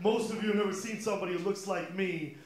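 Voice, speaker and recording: A man's voice: high voice, steady tone, fast. An American man performing a live stand-up comedy set on a club stage, with a sarcastic, mock-serious delivery and punchy asides. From United States. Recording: echoey club room with loud audience.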